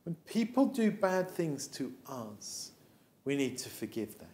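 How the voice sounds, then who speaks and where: A man's voice: mid-range voice, measured pace. A man with an English accent, a vicar telling a Bible story as a children's talk, acting out the characters as he goes. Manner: animated storytelling, acts out the characters.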